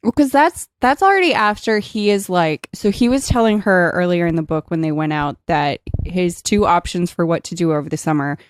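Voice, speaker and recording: A woman's voice: on the low side, a little fast, few pauses, no room sound, clean studio sound. A woman co-hosting a podcast, chatting animatedly about a book, laughing often and acting out the characters' lines. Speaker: podcast co-host. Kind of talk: casual book-discussion chat.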